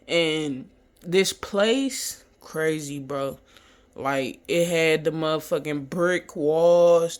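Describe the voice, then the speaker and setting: A young man casually telling a personal story, profane and animated, acting out the people he quotes. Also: high voice.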